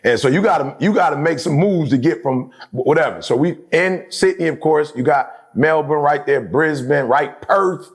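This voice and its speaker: A man's voice: a little high, normal speed, few pauses. A middle-aged man speaking emphatically as a guest in a casual conversation. He repeats his points and keeps checking in with his listener. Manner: emphatic, repeats phrases, keeps asking "you know what I'm saying".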